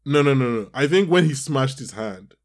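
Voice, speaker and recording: A man chatting casually as a podcast co-host. He talks in an animated way and often restarts his sentences. His voice sits at a middle pitch. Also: normal speed. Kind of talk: casual chat.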